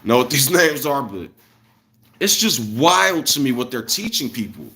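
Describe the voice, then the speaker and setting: Bright-voiced man ranting on a stream. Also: mid-range voice, normal speed. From Illinois, USA. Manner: loose, animated, swinging between loud bursts and muttered asides. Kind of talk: casual livestream rant.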